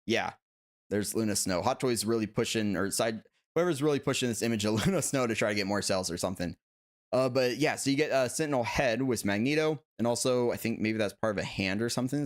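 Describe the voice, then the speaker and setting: Young guy doing a casual livestream, chatty, laughs a lot, says like constantly, regular mid voice. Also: mid-range voice. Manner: chatty, laughs often, lots of "like" fillers. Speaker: host of a collectibles livestream. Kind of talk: casual livestream chat, reading viewer comments.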